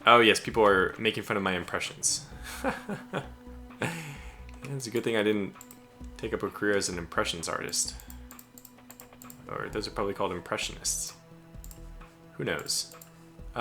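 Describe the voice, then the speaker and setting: A man's voice: fairly low pitch, sharp tone. An American man casually commentating his own live strategy game stream, chatty and chuckling as he barks orders at his ships. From United States.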